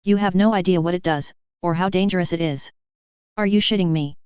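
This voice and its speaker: Woman reading a blunt lady mage who lectures, low clear voice. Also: brisk, a little mellow, dry recording, muffled recording, close to an everyday voice. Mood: incredulous. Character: sharp-tongued female mage, blunt and incredulous.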